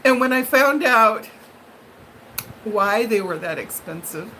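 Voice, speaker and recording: A woman hosting a live stream, telling viewers a story in a dramatic, animated way and laughing often. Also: on the high side, takes it slowly, slight background noise, low-quality recording.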